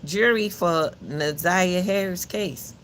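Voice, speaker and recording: A man with a fairly high pitch talks straight to his viewers in the booming, projected voice of a coach. His casual commentary turns emphatic and preachy, with phrases said twice for weight. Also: takes it slowly, fairly bright tone, slight background noise. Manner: emphatic and preachy, with repeated words. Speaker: channel host commenting on a court case.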